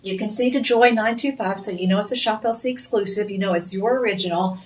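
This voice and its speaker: A woman's voice: medium pitch, quick pace. Chatty Texan woman selling jewelry live. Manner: chatty, upbeat sales patter with fillers. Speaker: shopping channel jewelry host. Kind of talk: live shopping presentation.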